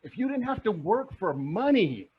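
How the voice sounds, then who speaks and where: A husky, high-pitched man fires question after question at a club audience in an upbeat investing pitch. The sound is dull and lo-fi. He talks with the push of a motivational presenter. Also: big pitch swings, normal speed. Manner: acts out the audience's replies. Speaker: real estate investor and presenter. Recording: dull lo-fi recording.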